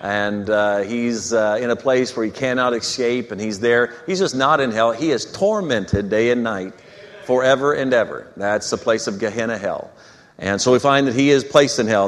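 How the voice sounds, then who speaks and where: Man preaching in a reverberant church. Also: medium pitch. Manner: emphatic preaching, slowing on key words. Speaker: pastor. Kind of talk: sermon. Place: church sanctuary.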